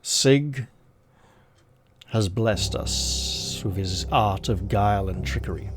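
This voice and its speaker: Man, unhurried gamebook narration, deliberate, dramatic, music underneath. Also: lowish voice. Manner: measured, deliberate, dramatic reading. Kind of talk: reading aloud and commenting on a solo gamebook.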